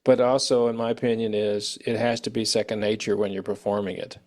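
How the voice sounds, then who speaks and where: A man's voice: lowish voice, little pitch movement, fairly quick, a little mellow. An American man hosting an interview, rambling casually and acting out quoted people. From United States. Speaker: show host.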